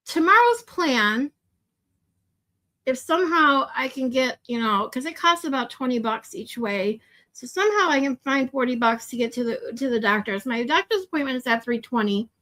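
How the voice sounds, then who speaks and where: A woman talks to her stream viewers in a high, bright voice. Her chat rambles, and she laughs a lot and gets teary with emotion. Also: lively intonation, measured pace. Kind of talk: casual livestream chat with viewers.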